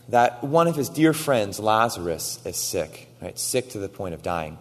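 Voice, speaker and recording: Man, pastor, sermon, low voice, animated storytelling, "right?" asides, long hall reverb. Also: measured pace. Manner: animated storytelling, acting out quoted lines.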